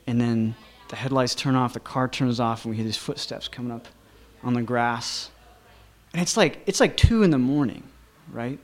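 A man telling a personal anecdote in a lively, chuckling way, with lots of fillers. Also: mid-range voice, moderate pace. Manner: animated, chuckling, many fillers like "you know".

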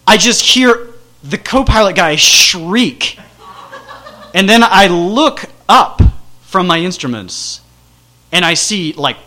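A man casually telling a rambling, self-deprecating personal story with animated energy. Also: high-pitched.

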